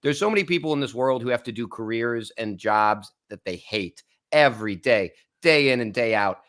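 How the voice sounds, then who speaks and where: A man's voice: medium pitch, lively intonation, normal speed, fairly bright tone. A man from the United States hosting a wine podcast, talking in an earnest, reflective, casual way and laughing easily. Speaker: wine channel host.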